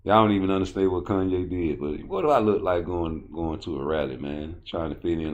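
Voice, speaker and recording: A man's voice: low voice, brisk, few pauses, lo-fi sound, slight background noise. A man giving a casual boxing commentary rant, rambling, blunt and profane.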